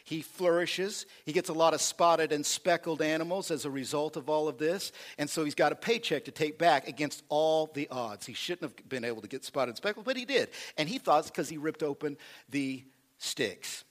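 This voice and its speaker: A male pastor preaching a sermon, animated, calling for responses from the congregation and acting out quotes from the text. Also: a little high, normal speed.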